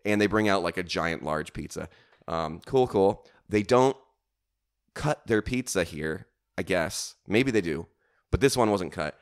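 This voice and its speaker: A man's voice: low-pitched, animated, unhurried. A man hosting a comedy podcast alone, telling stories in a casual, rambling way full of swearing, fillers and self-mockery. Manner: swearing, self-mocking storytelling with lots of fillers.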